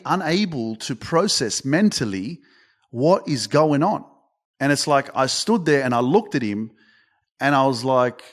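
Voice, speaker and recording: An Australian man in his thirties hosting a motivational podcast, telling stories in a casual, animated way, swearing often and restarting his sentences. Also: medium pitch. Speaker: podcast host and coach.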